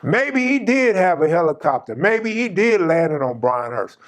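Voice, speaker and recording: A man's voice: a little high, sing-song, moderate pace. A man hosting his channel, casually telling a personal story in an emphatic, slang-heavy way.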